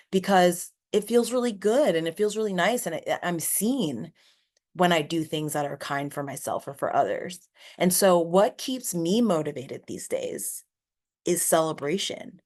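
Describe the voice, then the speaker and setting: Female podcast host, low voice, casual rambling monologue, earnest and encouraging. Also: normal speed. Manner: casual, rambling, many "like" fillers. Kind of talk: solo motivational podcast monologue.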